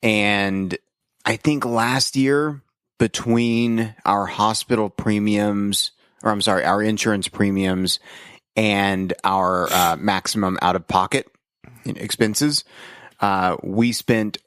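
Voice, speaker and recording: A man's voice: lowish voice, steady tone, takes it slowly, a bit bright, smooth, no echo, clean studio sound. A man hosting a podcast in casual chat, with the hiccups, rambling with lots of ums and uhs. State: has the hiccups. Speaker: podcast host.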